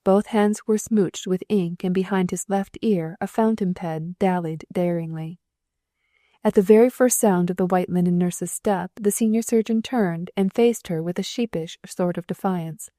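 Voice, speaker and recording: A woman narrating an audiobook in a lively, expressive storytelling manner. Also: fairly low pitch, moderate pace, no room sound, studio quality. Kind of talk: scripted narration.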